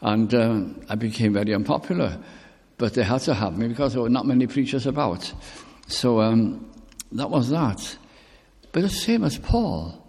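An older man preaching a sermon with personal testimony, speaking slowly and deliberately, drawing out key words. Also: medium pitch, lively intonation, a little mellow, breathy edge. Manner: slow, deliberate, drawn-out emphasis. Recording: long reverb in a hall.

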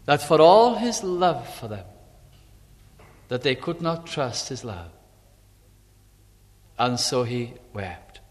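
A man preaching a sermon, reading scripture aloud and then retelling it in plain, conversational words. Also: fairly high pitch. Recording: long hall reverb.

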